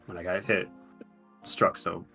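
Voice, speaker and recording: Male player, very low voice, crisp tone, dry formal delivery. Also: flat delivery, measured pace, pushed and bright, soft background music. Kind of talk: playing a tabletop game.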